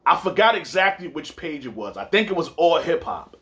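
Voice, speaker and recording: New man, fairly high voice. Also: very animated, fairly quick, a bit bright. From New York. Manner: loose storytelling with repeats and swearing. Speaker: podcast host. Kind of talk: casual sports chat.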